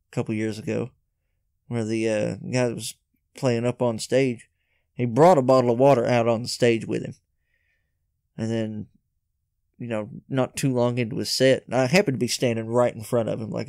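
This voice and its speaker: A man guest on a podcast, easygoing and mid-pitched. He tells his stories slowly, pausing often on uhs. The sound is dry and close. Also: a little mellow, no room sound. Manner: laid-back, hesitant with many uhs. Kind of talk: casual storytelling.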